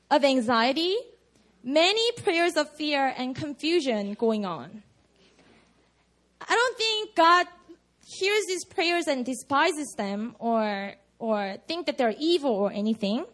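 A woman's voice: high voice, big pitch swings, takes it slowly, a bit bright. A woman preaching a casual, conversational sermon at a prayer meeting, full of "you know" and "like". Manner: chatty, many fillers like "you know" and "like".

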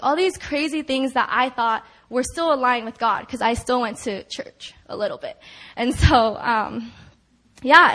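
A woman's voice: on the high side, fairly bright tone. A young woman giving a personal testimony at a church prayer meeting, talking in a chatty way full of "like" and "you know" and often laughing as she tells it. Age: young adult. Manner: laughs often while telling.

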